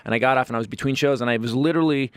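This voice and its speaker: A man, a comedian guest, telling a personal story candidly on a talk show, emphatic and acting out quotes with sudden pitch jumps. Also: rapid-fire, smooth.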